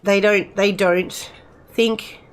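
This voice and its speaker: A middle-aged woman chats casually on a live stream. Her talk rambles, with frequent restarts and loose asides to her viewers. Her voice sits at an ordinary middle pitch. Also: steady tone, very slow. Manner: chatty, rambling with many restarts.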